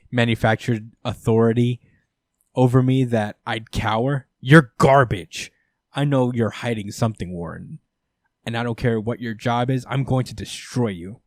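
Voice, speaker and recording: A man voicing a calm adult male vigilante hero who speaks low, quiet and coldly threatening. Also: moderate pace, no room sound, clean studio sound, close to an everyday voice. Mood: coldly menacing.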